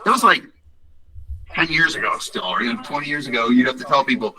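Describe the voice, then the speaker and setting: A man's voice: medium pitch, animated, a little fast, bright, forceful tone, distant mic, low-quality recording. A man presenting his company's products on a call, in a rambling, upbeat way with many fillers and restarts. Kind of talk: casual business presentation on a call.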